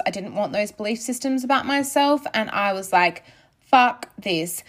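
A woman, hosting a casual solo podcast in a candid way, swearing freely and laughing often. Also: medium pitch. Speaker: podcast host.

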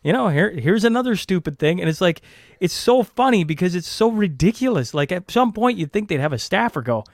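A man's voice: high voice, sing-song, a little fast, no echo, clean studio sound. A man hosting a podcast, chatting casually and joking in disbelief. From Canada. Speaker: podcast host.

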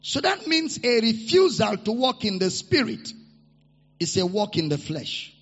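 A man preaching a sermon to a congregation. He repeats his key lines and leads the people in loud declarations. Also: high-pitched, sing-song, unhurried, breathy edge. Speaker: pastor. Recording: reverberant hall, dull lo-fi sound.

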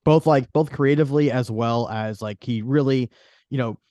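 A man's voice: mid-range voice, normal speed, warm tone, no echo. A man hosting a podcast in casual chat, rambling with many restarts. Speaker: podcast host.

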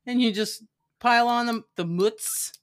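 A woman's voice: fairly high pitch, measured pace. A woman chatting casually on a podcast, sarcastic, laughing often and swearing lightly. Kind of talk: casual chat.

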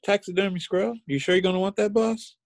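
A man's voice: high-pitched, steady tone, fast talker, gravelly, no room sound, clean studio sound. A man voicing a nervous underling who hesitates and repeats his questions. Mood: anxious. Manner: hesitant, repeats questions, keeps saying boss. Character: nervous young male underling, deferential.

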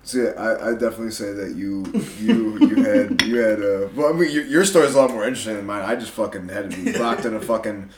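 A man chatting casually, with laid-back and halting talk. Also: fairly low pitch, very animated, noisy background. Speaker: guest. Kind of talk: casual chat. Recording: echoey room.

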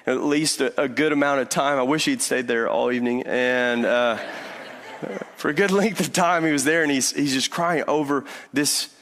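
A man in his thirties preaching a sermon as pastor, telling stories with lively restarts and repeated words. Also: medium pitch. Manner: animated storytelling with many restarts. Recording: long hall reverb.

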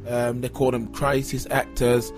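A man's voice: medium pitch, flat delivery, moderate pace, a little mellow, faint music behind. Hesitant man in casual chat. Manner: hesitant, loose phrasing with ums.

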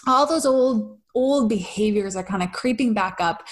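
A woman's voice: fairly high pitch, expressive, brisk, hardly any pauses. A young woman sharing a personal story with her audience in a confessional, casual way, swearing freely and often asking "right?". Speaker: spiritual vlogger.

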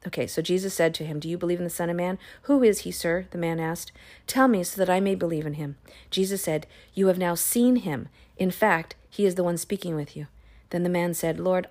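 A woman hosting a Bible podcast, retelling a chapter in a casual, animated way with playful, sassy asides. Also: lowish voice. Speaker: podcast host reading and discussing the Bible.

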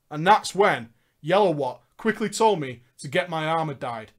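A woman's voice: deep voice, animated, normal speed. A woman casually telling a funny story on a podcast, swearing often, laughing and mocking as she goes.

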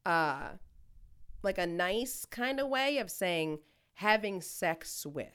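A woman's voice: mid-range voice, lively intonation, slow, a bit bright, smooth. A woman co-hosting a podcast in casual comedic chat, brash and profane, breaking into playful voices. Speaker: podcast co-host.

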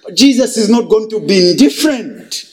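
A man preaching a sermon, emphatic and dramatic, swinging between loud and hushed. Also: sits high, animated, normal speed.

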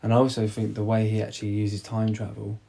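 A man talking casually about a film, rambling and halting with many restarts. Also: on the low side, monotone, gravelly, warm tone, breathy edge.

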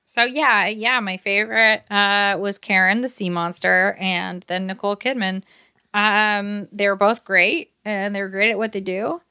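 A woman's voice: mid-range voice, steady tone, unhurried, pushed and bright, smooth. A woman co-hosting a podcast in casual chat, enthusiastic and gushing, swearing freely. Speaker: podcast co-host.

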